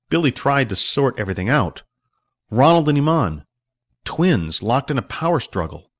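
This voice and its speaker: A man's voice: medium pitch, very animated, normal speed. A man reading a story aloud as narrator, voicing the characters himself. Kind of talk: audiobook narration with voiced characters.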